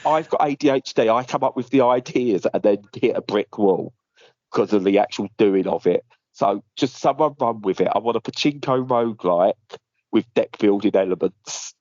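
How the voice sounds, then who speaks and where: Low-voiced man rambling through a story. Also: moderate pace, darkish tone, no echo, dull audio. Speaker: podcast co-host. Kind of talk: casual chat. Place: hospital room.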